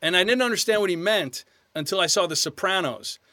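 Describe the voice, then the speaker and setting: A man's voice: high voice, expressive, fairly quick, pushed and bright, no echo. A man from New York, guest actor on a casual podcast interview, telling chatty, self-deprecating stories.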